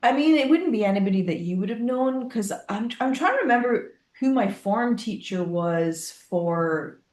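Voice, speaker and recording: A woman from northeast Scotland with a Scottish accent, co-hosting a casual podcast chat and telling stories in an animated way. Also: on the high side, normal speed, echoey room. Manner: animated storytelling, acts out quoted voices. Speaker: podcast co-host.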